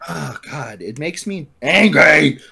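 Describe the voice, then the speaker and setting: Profane ranting man, lively voice. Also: on the high side, slow pace, gravelly, crowd noise. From Washington state, USA. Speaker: podcast co-host. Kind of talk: casual chat.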